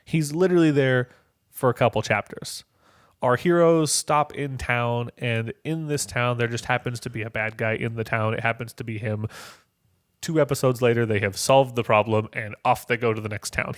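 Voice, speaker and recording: A man's voice: mid-range voice, expressive, normal speed, no echo. Emphatic man, dry close sound. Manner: emphatic, repeats his points. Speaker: podcast co-host. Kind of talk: casual chat.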